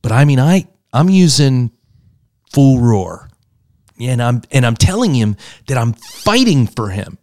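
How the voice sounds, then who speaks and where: A man, a pastor, telling stories earnestly in a church conversation and building to loud emphasis. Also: medium pitch, sing-song, a little slow, no echo, clean studio sound.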